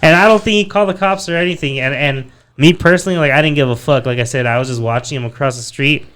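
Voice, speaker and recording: A young man on a casual podcast, telling a story in an animated, profane way and acting out what people said. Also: on the high side, fast talker, clear, resonant tone.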